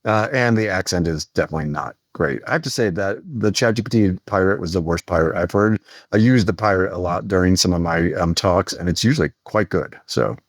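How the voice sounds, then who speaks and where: A male podcast co-host with a lowish voice, talking in easy casual chat and laughing often. The sound is dry and close. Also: brisk, hardly any pauses, no echo.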